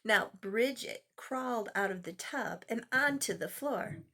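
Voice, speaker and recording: Animated older woman reading a storybook. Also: a little high, measured pace. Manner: animated, exclaiming asides to the listener. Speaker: storyteller grandmother. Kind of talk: reading a picture book to children.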